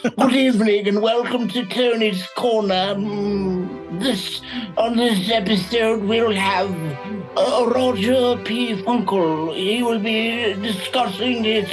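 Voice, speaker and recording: A man mimicking a pompous, formal male show announcer with stately, drawn-out greetings. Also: high-pitched, over music, low-quality recording.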